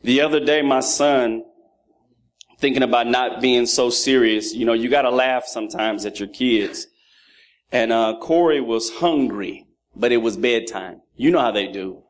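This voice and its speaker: A man in his thirties preaches a sermon that blends funny stories about his sons with lessons on fatherhood. His mid-range voice is unhurried yet animated, and he acts out his children's voices.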